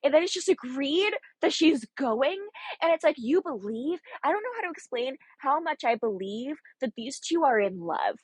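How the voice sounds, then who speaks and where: A woman's voice: high voice, very animated, moderate pace, dry recording. A young woman chatting casually about a TV show, rambling with lots of fillers and asides, sometimes dropping to a whisper. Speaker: video essayist. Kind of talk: casual chat.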